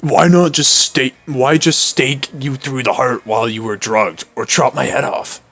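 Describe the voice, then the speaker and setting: A man streaming a dating game with friends, reading the story aloud in an animated, laughing way and swearing freely. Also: mid-range voice, unhurried, faint music behind.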